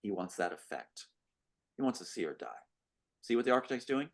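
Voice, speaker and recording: A man's voice: fairly low pitch, very animated, fairly quick, creaky. A man reads through his own script, playing every part himself. He keeps breaking off to comment, and his voice catches with emotion along the way. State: choked up with emotion. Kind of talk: dramatic script reading with commentary.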